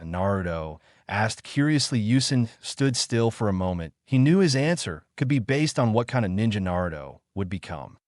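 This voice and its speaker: A man with a fairly low voice narrates a fan-written story in a steady, even reading manner. The sound is close and dry, with no room around it. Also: normal speed, few pauses, dry recording. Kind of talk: scripted fan fiction narration.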